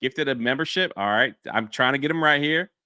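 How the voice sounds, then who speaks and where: A man's voice: medium pitch, a little fast, sharp tone, no room sound, clean studio sound. A man co-hosting a casual livestream, laughing often while reading out viewer donations and chatting. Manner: giggly, laughs often, reads donor names. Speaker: livestream co-host reading super chats.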